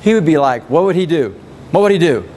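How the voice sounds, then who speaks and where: A man's voice: fairly high pitch, quick pace. A man leading a live sales training, coaching his team with repeated phrases and questions to the room. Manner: energetic, repetitive coaching, asks the audience questions.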